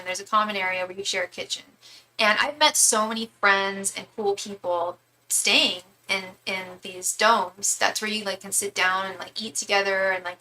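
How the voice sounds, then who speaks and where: Woman, tarot reader, live-stream chat, rambling, casual swearing, bright voice. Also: mid-range voice, poor audio.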